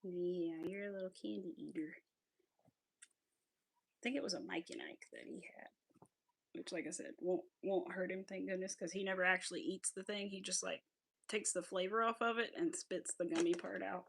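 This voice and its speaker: Woman chatting while she crochets on a live, gravelly voice, laughs a lot, whispers her stitch counts. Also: on the low side, moderate pace. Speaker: craft livestream host. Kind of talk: casual chat while crocheting.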